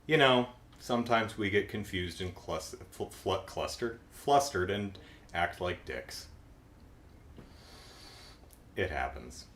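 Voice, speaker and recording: A man's voice: deep voice, lively intonation, a little slow, a bit bright, slight background noise. A middle-aged man recapping a cartoon episode in casual comedic talk, dry and sarcastic, acting out the characters' lines.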